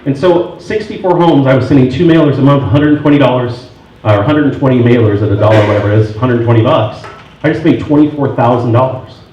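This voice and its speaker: A man with a medium-pitched, darkish voice talks fast at a real estate sales meeting, telling stories and impersonating both speakers in phone exchanges. Recorded in a meeting room, the sound is very echoey, distant, dull and muffled, with a faint hiss of noise.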